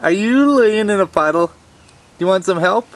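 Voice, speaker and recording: High-voiced dad in playful baby talk. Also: male voice, expressive, normal speed. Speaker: father filming his toddler. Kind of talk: home video, talking to a small child. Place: outdoors by a puddle near a garage. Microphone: handheld camcorder.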